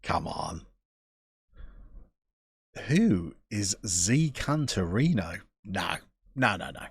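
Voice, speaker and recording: A man with a gravelly, creaky voice chats his way through a live game stream at an unhurried pace. His pitch swings around a lot as he reads out viewer messages, and he comes across as chatty and self-deprecating. The sound is close and dry. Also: big pitch swings, dry recording. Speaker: Football Manager streamer.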